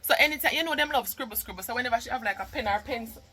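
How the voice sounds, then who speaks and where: Bright, chatty Jamaican woman. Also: fairly high pitch, rapid-fire, slightly rough, low-quality recording. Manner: chatty and emotional, mixing patois with English. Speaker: mother and vlogger. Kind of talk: casual vlog chat.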